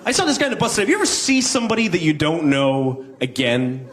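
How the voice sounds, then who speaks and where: A man doing stand-up comedy, deadpan between sudden silly voices. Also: a little high, fast talker. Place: comedy club stage. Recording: noisy club with audience laughter. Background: crowd laughing.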